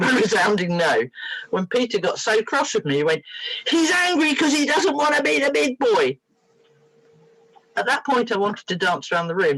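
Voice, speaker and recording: Animated woman telling stories. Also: fairly low pitch, husky, dry recording, poor audio. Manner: lively, acts out the voices in her stories. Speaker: therapist guest. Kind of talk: animated storytelling.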